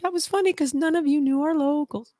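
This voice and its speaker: Her voice sits high and warm, recorded dry with clean studio sound. As a podcast co-host in casual conversation, this woman is blunt and teasing, and she readily slips into rants.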